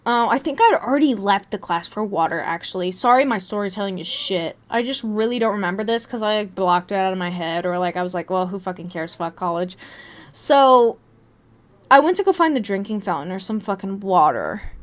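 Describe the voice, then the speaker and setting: Animated, profane young woman telling a story. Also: medium pitch, brisk. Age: young adult. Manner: profane, animated and self-mocking. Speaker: vlog host. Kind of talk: casual storytelling.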